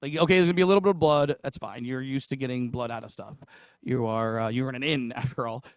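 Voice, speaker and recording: A man's voice: mid-range voice, fairly even intonation, fast, dry recording, studio quality. A man preaching a casual sermon, retelling a parable in a chatty, joking way with asides to the congregation. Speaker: pastor.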